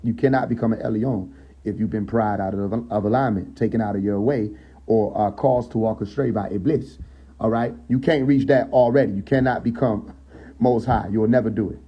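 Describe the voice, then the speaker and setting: A man hosts a casual live stream on his phone, teaching from scripture and repeatedly checking in with listeners; when he reads verses aloud, he slows down and lifts his voice. He has a fairly low pitch, fairly even intonation and a breathy edge, with the highs cut off.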